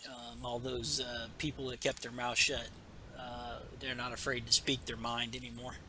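A man's voice: medium pitch, level tone, normal speed, bright, forceful tone. A man hosting a podcast, recapping a comic book in casual chat with rambling asides and many fillers. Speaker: podcast host.

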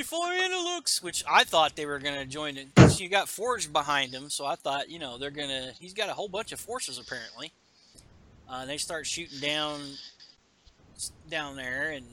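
A man casually recapping a comic book on a podcast, animated and jumping into character lines. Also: mid-range voice, slight background noise. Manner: animated, acts out character lines in raised voices. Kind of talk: casual chat.

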